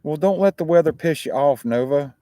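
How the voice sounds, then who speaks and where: A man's voice: fairly high pitch, brisk, mellow, no echo. A man with an American accent, hosting a talk show and chatting casually to his viewers in a rambling, profane way. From United States.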